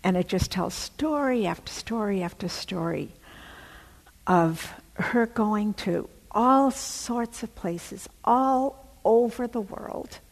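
A woman preaching and telling a story, her breathy voice dramatic and often sinking to a near whisper. She speaks slowly, and her words ring out with a long reverb, as if in a large hall. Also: medium pitch, lively intonation. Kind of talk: sermon storytelling.

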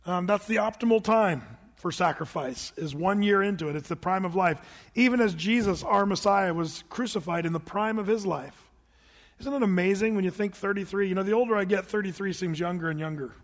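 Middle-aged male pastor, high voice, chatty sermon delivery with rhetorical questions, long church reverb. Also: fairly quick. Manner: conversational preaching with rhetorical questions and asides.

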